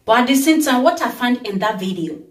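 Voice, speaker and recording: A Nigerian woman speaks in a fairly high voice, recorded in a roomy space a little away from the mic. She sounds tired but stays animated, moving between chat, song and blessings. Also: fairly quick, recorded from a distance. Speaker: vlogger. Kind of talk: casual birthday tribute vlog with singing.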